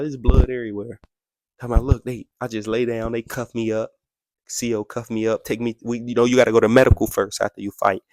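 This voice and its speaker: A young man tells a story as a podcast guest, with lively energy and quotes he jumps up high to act out. His voice sits at an ordinary middle pitch for a man. The sound is close and dry, with no room around it. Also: dry recording. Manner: excitable, acts out quotes in a much higher voice, sound effects. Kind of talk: animated storytelling.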